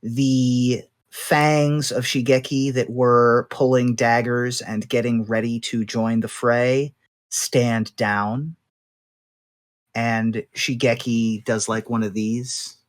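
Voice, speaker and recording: Slow-paced woman game master. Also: very deep voice, little pitch movement. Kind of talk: narrating a tabletop game.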